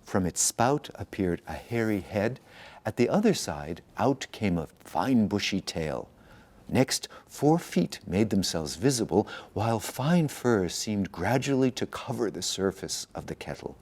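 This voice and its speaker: A man reading a fairy tale aloud, with expressive storytelling narration. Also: lowish voice, a little slow. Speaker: institute director reading aloud. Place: institute in Tokyo.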